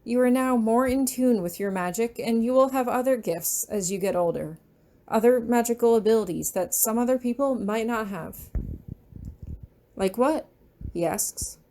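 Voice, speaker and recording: A woman reading her fan fiction aloud in a gentle, unhurried storytelling manner. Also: a little high.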